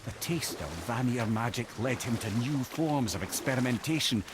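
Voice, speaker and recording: An actor playing a grave male storyteller, recounting dark lore in measured game narration. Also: medium pitch, lightly acted. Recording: game audio under stream noise.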